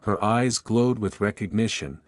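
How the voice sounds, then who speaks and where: Low, dry male storyteller. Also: a little slow, dry recording. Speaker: narrator. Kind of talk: scripted fan-fiction narration.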